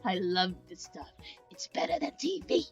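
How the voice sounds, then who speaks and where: A woman voicing a lonely, chatty male spork monster in a slow, sinister, clown-like drawl. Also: lowish voice, very animated, slightly rough, muffled recording, soft background music, full character voice. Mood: creepy chatty.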